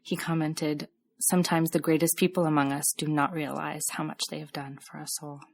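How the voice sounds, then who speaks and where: A woman podcast host reading scripted storytelling narration in a measured, reflective way. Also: low voice, level tone, creaky.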